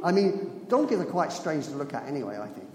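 Guy preaching, high voice, big echoey hall, storytelling and chuckling as he goes. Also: brisk, slight background noise. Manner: storytelling, animated, laughs at own asides. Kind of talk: sermon. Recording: echoey hall with long reverb.

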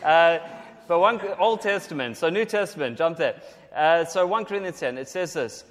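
A man from South Africa with a South African accent, preaching a jokey, lively sermon and having the congregation repeat scripture lines. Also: fairly high pitch, moderate pace. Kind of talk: sermon with call-and-response scripture reading. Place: church hall. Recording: long echo of a large hall.

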